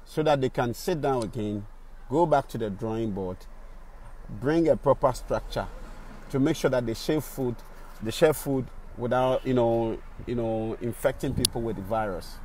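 A man's voice: medium pitch, normal speed, warm tone, slight background noise. Indignant Ghanaian man reporting outdoors. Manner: indignant, repeats rhetorical questions, mixes English and Twi. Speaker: radio presenter and vlogger. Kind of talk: on-the-spot video commentary. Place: outdoors on a city street.

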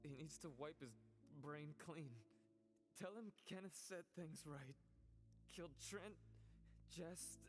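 An actor playing a dying man in a video game, speaking in an earnest, halting, pleading way. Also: on the high side. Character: dying man making a last confession. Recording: game audio with music behind.

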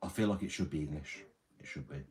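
A man's voice: rumbling low, quick pace, darkish tone. A man hosting a livestream, rambling casually, reading chat and swearing freely.

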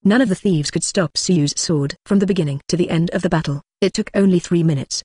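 A synthetic-sounding narrator reading a translated novel in an even, uninflected way. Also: medium pitch, fairly quick, few pauses, slightly rough, no echo. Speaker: audiobook narrator. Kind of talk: scripted narration.

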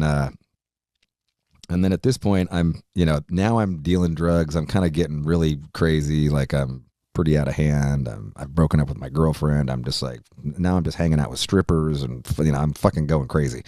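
Low-pitched male podcast guest, profane rambling storyteller, dry close sound. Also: a little mellow, no room sound. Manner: profane, rambling, laughs while telling. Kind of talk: casual storytelling anecdote.

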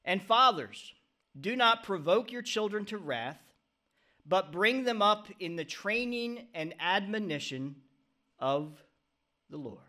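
Middle-aged male pastor, high bright voice, earnest preaching with call-and-response "Amen?" checks. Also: lively intonation, slow. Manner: preaching with frequent "Amen?" calls to the congregation. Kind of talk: sermon.

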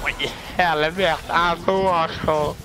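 A young man streaming a game live, excitable and sweary, often bursting into shouts. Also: a little high, slow, music in the background. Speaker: gaming streamer.

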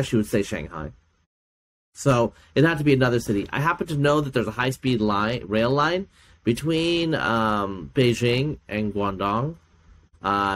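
Animated man telling stories. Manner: animated storyteller, acts out quoted people with big pitch jumps; laughs often, many fillers. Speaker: podcast guest, geneticist. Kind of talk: casual chat.

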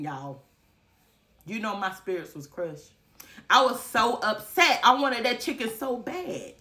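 A woman's voice: on the high side, very animated, unhurried, pushed and bright. A young woman from Alabama, telling a story dramatically in a casual vlog. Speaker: vlogger.

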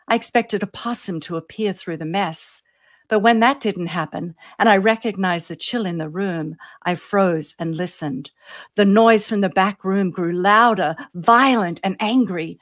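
A woman, an author reading her own fiction aloud, telling it with suspense and letting phrases fall softly at the end. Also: on the low side. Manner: storytelling, drops softly on ends of phrases, lifts on suspense.

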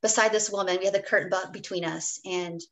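A woman's voice: on the low side, fairly even intonation, fast, low-quality recording. Earnest woman telling her story. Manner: earnest, candid, many restarts and asides; briefly acts out her past self in quoted speech. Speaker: guest dietitian. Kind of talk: personal storytelling in a podcast interview.

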